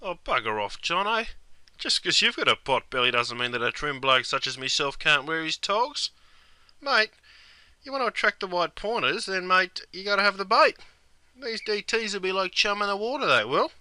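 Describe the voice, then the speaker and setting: A man's voice: sits high, sing-song, moderate pace, pushed and bright, clean tone, full character voice. A man voicing a cheeky knockabout Australian bloke, talking in a broad, slangy Australian drawl with "mate" at every turn. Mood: larrikin banter. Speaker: slang explainer.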